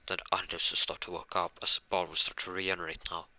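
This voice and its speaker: A man's voice: sits low, flat delivery, fairly quick, sharp tone, dry recording. A man improvising a fan-made story, rambling with frequent restarts and fillers. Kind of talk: improvised fan-fiction retelling.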